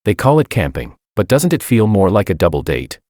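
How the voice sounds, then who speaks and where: A man's voice: on the low side, very animated, brisk, darkish tone, no echo, studio quality. A man playing a pushy, joking young male friend in an audio story.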